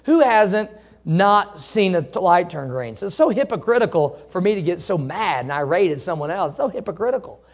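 A man preaching a sermon in a noticeably high voice. He talks in a folksy, animated way, teasing himself and acting out the people in his stories. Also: fairly quick. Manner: animated, folksy, laughs at himself, acts out shouting drivers. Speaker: pastor.

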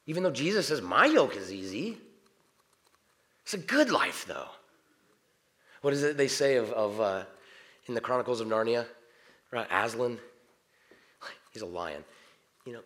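A man preaching a sermon, animated, swinging from loud exclamations to soft, quiet passages. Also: medium pitch, moderate pace, pauses often.

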